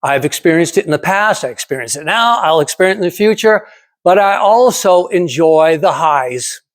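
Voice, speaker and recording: A man's voice: on the high side, lively intonation, normal speed. A man in his seventies giving a prepared motivational speech at a speaking club. He talks emphatically, asks rhetorical questions and keeps repeating his key phrases. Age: 70s.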